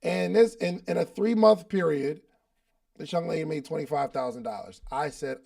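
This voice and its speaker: A man with a raised pitch and a heavy gravelly fry runs a live coaching call. His talk is loose and chatty. He uses slang and repeats lines to drive a point home. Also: normal speed, mellow. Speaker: podcast host and business coach. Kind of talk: casual coaching talk at a live online meeting.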